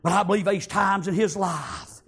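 A male preacher tells a story in a sermon with a high, husky voice. He punctuates it with amens and breaks into shouts. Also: fairly even intonation, moderate pace.

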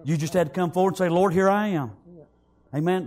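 A man preaching a sermon, fervently repeating praise and amen and rising to shouts. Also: sits high, fairly quick.

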